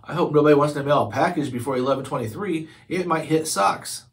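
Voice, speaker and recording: A man's voice: fairly high pitch, quick pace, close to an everyday voice. A man voicing a tearful, anxious little girl who owns a kitten, in a children's book read-aloud. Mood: hopeful. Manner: pleading, earnest, childlike.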